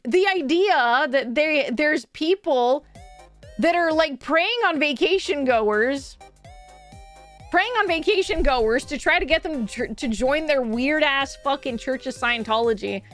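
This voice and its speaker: High-voiced woman rambling casually. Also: animated, measured pace, fairly bright tone, soft background music. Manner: rambling storytelling with many fillers and swearing. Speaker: streamer. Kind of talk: casual chat.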